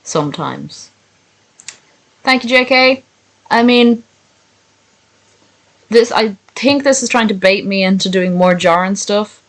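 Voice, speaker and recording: A woman's voice: mid-range voice, lively intonation, slow, long pauses, rough recording. A young woman streaming, reading a story aloud and breaking off into sarcastic, swearing asides to her chat. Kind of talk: live-stream reading and commentary.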